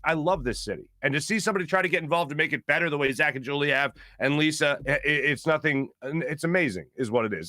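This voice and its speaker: A man's voice: on the high side, sharp tone, dry recording, clean studio sound. A man from the Philadelphia area hosting a sports talk show, speaking earnestly and emphatically about his city. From Philadelphia area, USA. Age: adult with young children.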